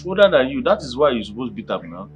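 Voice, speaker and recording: A man's voice: medium pitch, big pitch swings, fast, highs cut off, lightly acted. An actor with a Nigerian Pidgin accent playing a brash young man who complains and argues. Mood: mocking. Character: cocky young man arguing with his father. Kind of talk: film acting. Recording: music in background.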